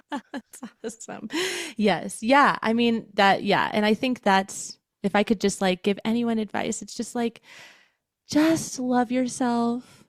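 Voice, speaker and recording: A woman's voice: mid-range voice, measured pace, dry recording, studio quality. A woman who is a guest on a podcast, a voice teacher and choir director, talking in an earnest, encouraging way and repeating her key phrases. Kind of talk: casual podcast conversation.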